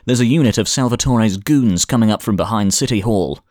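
A man's voice: lowish voice, a little fast, a little mellow, no echo, studio quality, lightly acted. A man voicing a mercenary tech specialist reporting urgently over comms.

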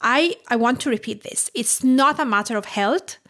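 A woman from Tuscany with an Italian accent, hosting a cooking podcast in a measured, instructive way. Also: fairly high pitch, fairly bright tone. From Tuscany, Italy. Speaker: podcast host and home cook. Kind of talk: scripted podcast narration.

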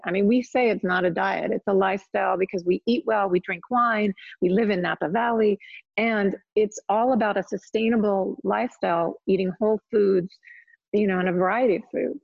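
A woman with a gravelly voice talks casually and chimes in often during an interview. The sound is dry and close, with a dull, muffled tone. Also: medium pitch, no room sound. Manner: chatty, quick to chime in. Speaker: guest.

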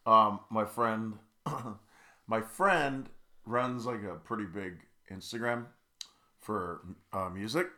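A man's voice: fairly low pitch, slow pace, sharp tone. A young man co-hosting a podcast, telling a rambling story full of fillers, tired with stuffy sinuses. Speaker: podcast co-host. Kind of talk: casual chat.

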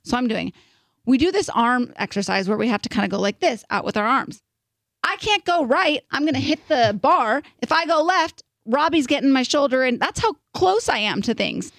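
A young woman co-hosting a podcast, telling a story in an animated, casual way with lots of "like". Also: high-pitched, normal speed, no room sound, clean studio sound. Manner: animated, filler-heavy storytelling with "like". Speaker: podcast co-host.

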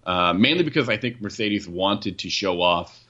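Guy rambling about a car review, bright voice, kinda muffled lo-fi audio. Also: sits low, lively intonation, normal speed. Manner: rambling, self-correcting, laughs at own jokes. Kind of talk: casual podcast chat.

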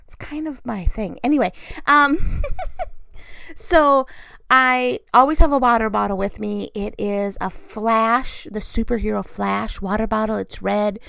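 Chatty woman with a gravelly edge. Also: on the high side, measured pace, no echo. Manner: chatty, laughs often, animated storytelling. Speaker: vlogger. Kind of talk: casual chat to camera.

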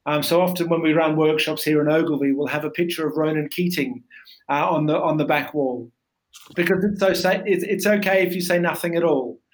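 A man's voice: on the high side, brisk, low-quality recording. A man from Australia, a podcast guest talking casually, with many fillers and restarts. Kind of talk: casual interview chat.

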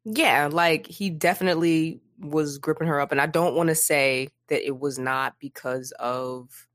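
A woman co-hosting a casual book discussion podcast, animated, acting out characters in quick asides. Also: low voice, dry recording, clean studio sound. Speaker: podcast co-host.

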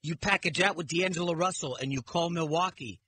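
A man's voice: a little high, a little fast, breathy edge. A middle-aged man guest-hosting sports talk radio, telling stories animatedly and acting out quotes. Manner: animated storyteller, acts out quotes.

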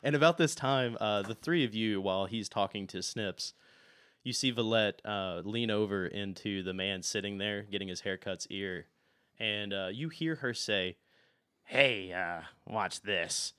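A young man acts as game master for a tabletop game, narrating in a relaxed manner full of fillers. His voice is on the low side and clean, at normal speed, captured with clean studio sound and no echo.

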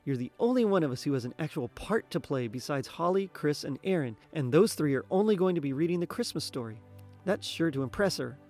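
A man voicing a chatty schoolboy who teases his friend in a lively way. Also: fairly high pitch, brisk, faint music behind. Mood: teasing. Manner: teasing, lively.

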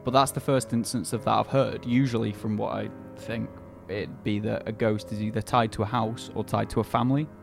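A man's voice: on the low side, fairly even intonation, fairly quick, vocal fry, hardly any pauses, soft background music. A man hosting a casual chat, telling a story in an easygoing, hesitant way. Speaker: podcast host telling the story.

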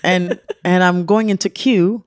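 A woman's voice: lowish voice, fairly even intonation, clean tone, dry recording, clean studio sound. A middle-aged woman co-hosting a podcast, reading listener mail aloud in a playful, teasing way. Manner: playful, teasing, drawn-out emphasis. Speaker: podcast co-host.

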